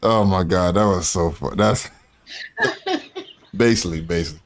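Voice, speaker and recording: A man's voice: sits low, normal speed. A man hosting a casual chat, telling loose, profane stories with lots of fillers. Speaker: host.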